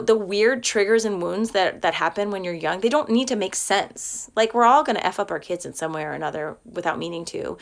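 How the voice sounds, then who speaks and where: A woman's voice: fairly low pitch, fairly bright tone. A woman in her thirties hosting a self-help live stream, talking in an earnest, rambling way full of likes and restarts. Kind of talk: casual live-stream talk. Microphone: phone or webcam for a live stream.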